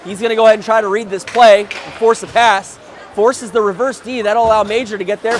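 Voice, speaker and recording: A man doing live play-by-play of a youth hockey game, with quick calls that jump up at big plays and joking asides. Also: high voice, steady tone, a little hiss or hum. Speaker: play-by-play commentator.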